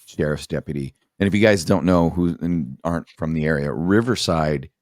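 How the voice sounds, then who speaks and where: A man's voice: extremely low pitch, moderate pace, darkish tone, no echo, studio quality. A middle-aged man, a former police sergeant, telling blunt, profane stories from the job in a casual podcast chat.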